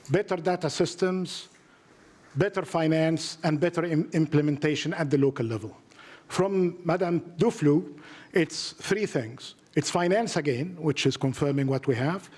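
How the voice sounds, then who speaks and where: A man's voice: on the high side, a little mellow. A man moderating a conference panel, speaking in a hurry and summing things up in lists. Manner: hurried, summarizing in lists.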